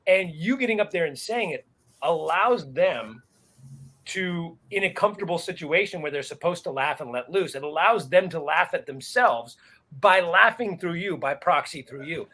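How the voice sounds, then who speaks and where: A man hosting a comedy panel, talking in rambling stretches and quoting people in quick bursts. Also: on the high side, lively intonation, bright, forceful tone. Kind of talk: casual panel discussion.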